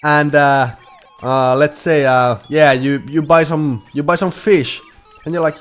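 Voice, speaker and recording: A man's voice: fairly high pitch, steady tone, a little slow. A male streamer talking to his viewers while he plays. He rambles through half-finished sentences, swears casually and laughs often. Faint game music runs underneath. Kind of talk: casual live-stream chat while gaming.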